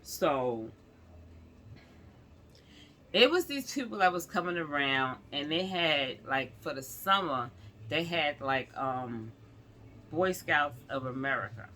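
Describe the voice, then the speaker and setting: A woman's voice: sits low, expressive, slow pace, long pauses, sharp tone, slight background noise. A woman vlogger chatting to her viewers in a rambling storytime, often calling them y'all.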